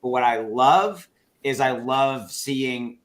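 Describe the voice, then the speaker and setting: A man's voice: medium pitch, slow. A man with a Texas accent making an earnest, emphatic point on a video call, with plenty of filler words. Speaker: crypto streamer. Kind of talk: casual live-stream chat.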